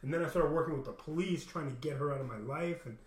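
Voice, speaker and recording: Young man, casual profane storyteller, slightly high voice, echoey room sound. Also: quick pace. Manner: rambling, profane, restarts often, acts out other people's lines.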